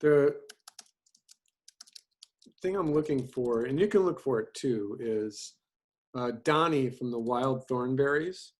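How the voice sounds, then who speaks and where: A man in his fifties who teaches animation, chatting casually on a video call and rambling with lots of ums and restarts. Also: medium pitch. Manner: rambling, halting, many fillers.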